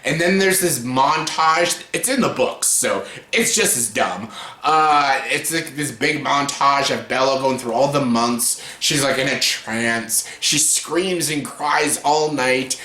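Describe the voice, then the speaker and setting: A man's voice: medium pitch, takes it slowly, sharp tone. A young man ranting in a casual film review, exasperated and mocking, cursing often and breaking into laughter. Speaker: YouTuber reviewing films. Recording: echoey room.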